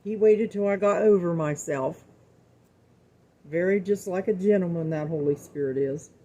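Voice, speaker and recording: A woman's voice: fairly low pitch, moderate pace, dark tone, a little hiss or hum. A middle-aged woman hosting a home cooking show, talking earnestly and folksily to her viewers about faith and repeating words for emphasis. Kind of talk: casual faith-filled talk to viewers.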